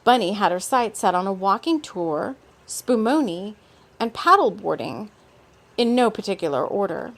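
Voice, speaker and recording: A woman reads a story aloud in a fairly high voice. She keeps it relaxed and unpolished, breaking off for little asides. The feel is a casual spoken storytelling session. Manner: relaxed, with off-script asides and laughs.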